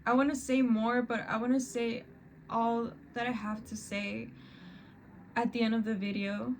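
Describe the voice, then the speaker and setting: Slow-talking woman reacting with halting emotion. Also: a little high, little pitch movement, a little hiss or hum, rough recording. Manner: emotional, halting, restarting mid-word. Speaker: reaction video host. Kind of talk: casual reaction commentary.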